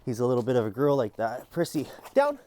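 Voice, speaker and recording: A dog trainer, a man, explaining his methods in a relaxed way and breaking off into short, energetic commands and praise for the dog. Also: medium pitch, racing. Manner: explains calmly, then barks short upbeat commands to the dog. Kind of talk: hands-on training demonstration. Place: outdoors in a yard, training a dog.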